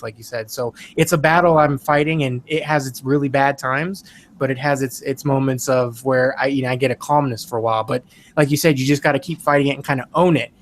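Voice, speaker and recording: A man's voice: medium pitch, slight background noise. A man speaking as a podcast guest, earnest and reflective in casual conversation.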